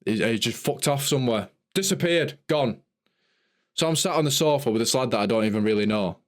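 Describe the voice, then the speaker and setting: A young man telling an animated, sweary story in a casual podcast chat. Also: mid-range voice, a little fast. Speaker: podcast host.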